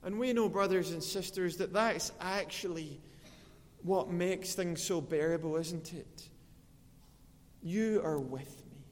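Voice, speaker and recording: A man preaching a sermon to his congregation, earnest, slowing and swelling as he quotes scripture. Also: sits high, big-room sound. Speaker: pastor.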